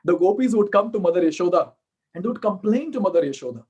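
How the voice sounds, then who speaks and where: A man with an Indian accent, a temple speaker giving an animated devotional storytelling talk and acting out the characters. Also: sits high, fast, husky.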